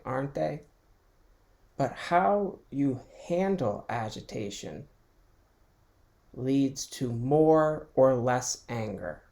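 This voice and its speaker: A man's voice: mid-range voice, gravelly, a little mellow. A man hosting his own podcast from home, talking through his thoughts in a rambling, reflective way and chuckling often. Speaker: podcast host. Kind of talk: casual solo monologue.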